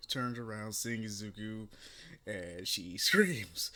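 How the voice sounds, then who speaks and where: Slow, low-voiced young man telling a fan story. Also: a bit bright. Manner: rambling, filler-heavy, unscripted. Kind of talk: casual spoken fan fiction narration.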